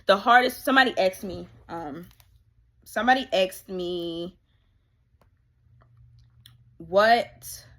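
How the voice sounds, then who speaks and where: Woman life coach with a sharp, bright voice and a candid, faith-driven coaching delivery. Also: mid-range voice, takes it slowly, pauses often. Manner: casual, emphatic, repeats key phrases for effect. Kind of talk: candid motivational monologue.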